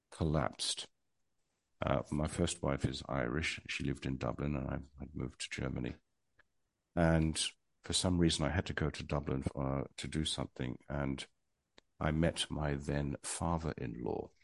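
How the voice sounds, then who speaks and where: A man's voice: very deep voice, gravelly, no room sound. A man in his sixties, answering interview questions in a reflective, hesitant way with many ums and wry humor. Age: 60s. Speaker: guest.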